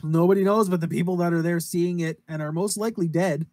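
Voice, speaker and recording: A podcast co-host speaks quickly and steadily in a high-pitched voice with a darkish tone, in a dry recording. He's rambling and cursing through a casual recap of a horror anime, voicing its quotes himself.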